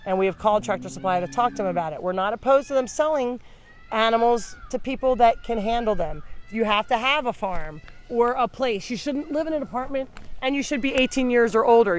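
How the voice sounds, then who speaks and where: A woman running a live video from an animal sanctuary, explaining rescues in a chatty way and talking to the animals as she goes. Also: a little high. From New Jersey. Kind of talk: casual live-stream chat.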